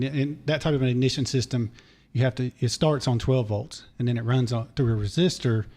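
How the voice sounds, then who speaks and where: A man, a podcast guest telling a long, digressive story in a hoarse voice because he is losing it. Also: mid-range voice, mellow. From Charlotte area, North Carolina. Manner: digressive, detail-heavy storyteller. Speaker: podcast guest, former race mechanic. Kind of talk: long rambling story told in casual chat.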